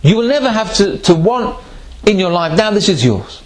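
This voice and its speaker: A man's voice: high voice, big pitch swings, moderate pace. A man doing an indignant duke. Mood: apologetic. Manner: exasperated, scolding. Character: indignant generous male duke landlord.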